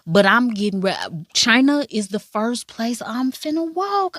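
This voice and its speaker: A woman giving a casual, profane and animated recap of a drama, with asides in a high voice. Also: a little slow, dry recording, clean studio sound. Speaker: drama reviewer.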